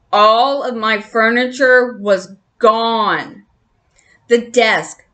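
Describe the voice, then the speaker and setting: A woman reading a children's chapter book aloud in an expressive storyteller's manner. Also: on the high side. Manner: slow, expressive.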